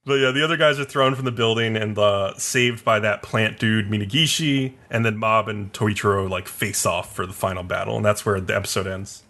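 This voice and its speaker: A man's voice: fairly low pitch, steady tone, fairly quick, hardly any pauses, bright, forceful tone. A man co-hosting an anime podcast, retelling an episode loosely with lots of fillers and laughs. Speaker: podcast co-host. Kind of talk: casual anime recap chat.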